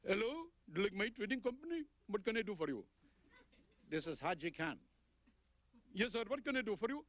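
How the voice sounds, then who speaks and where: A man putting on a high fussy phone clerk. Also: big pitch swings, a little fast, a bit bright, no echo. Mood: fussy polite. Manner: fussy, rambling, overly courteous. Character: flustered polite male office clerk on phone.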